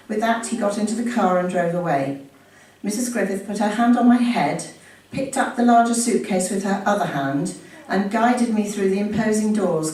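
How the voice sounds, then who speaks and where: A woman's voice: mid-range voice, moderate pace, a little mellow. A woman reads a story aloud from a book, breaking off now and then to chat, laugh and correct herself. Her voice is in a middle range for a woman. She is heard from some distance in a very echoey room, over a faint background hum. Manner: chatty, with laughs and self-corrections. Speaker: reader sharing a family story.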